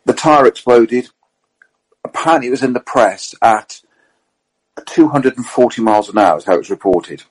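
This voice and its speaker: A man telling motorsport anecdotes in casual, animated chat, full of fillers and asides. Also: medium pitch, moderate pace, long pauses, slightly rough, low-quality recording. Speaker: motorsport storyteller on a panel. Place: at a racing circuit event.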